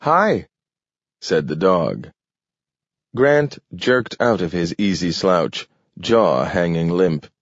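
A man narrating an audiobook in a measured, deliberate reading. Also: low-pitched, lively intonation, dry recording. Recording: dull lo-fi recording.

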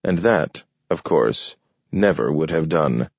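A man narrating a story in a measured, steady way. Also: rumbling low, creaky, husky, no room sound. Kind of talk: scripted audiobook narration. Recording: dull, dry lo-fi recording.

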